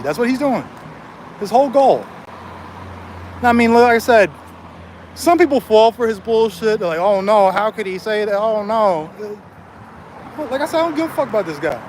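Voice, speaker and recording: A man with a high voice rants angrily on a livestream from a city street, swearing and taunting a rival. It was recorded on a cell phone, with slight background noise.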